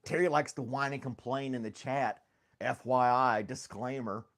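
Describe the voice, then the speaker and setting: A man's voice: mid-range voice, fairly even intonation, normal speed, a bit bright. A man hosting a casual livestream chat, rambling and joking, laughing often at himself. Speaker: host.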